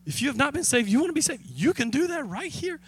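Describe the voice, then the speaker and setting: A man's voice: extremely high pitch, sing-song, quick pace, gravelly, fairly bright tone. A man preaching a sermon as pastor, telling a story with chuckles and asides to the congregation.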